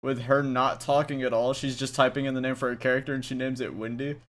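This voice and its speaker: A man's voice: mid-range voice, level tone, quick pace, fairly bright tone. A young man co-hosting a casual podcast, rambling through stories with restarts and frequent giggles. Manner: rambling storyteller with many restarts and fillers, giggly. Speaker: podcast co-host. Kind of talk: casual chat.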